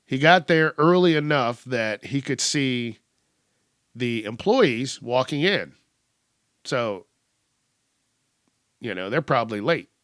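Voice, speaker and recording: A man's voice: mid-range voice, slow, pauses often, no room sound. Young guy ranting through the news on his podcast, cussing a lot, dry close sound. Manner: profane, animated retelling with acted quotes. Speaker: podcast host. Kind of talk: casual news commentary.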